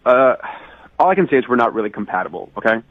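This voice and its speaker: A man's voice: medium pitch, big pitch swings, quick pace, dry recording, phone-quality sound. A man calling in to a radio show, ranting indignantly about a dinner date that offended him. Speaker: caller on a radio dating segment. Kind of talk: heated phone call.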